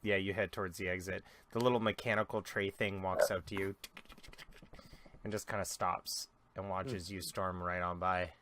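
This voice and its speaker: A young man as dungeon master, narrating a tabletop game in a relaxed, loose way with plenty of fillers. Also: low voice, normal speed, slight background noise.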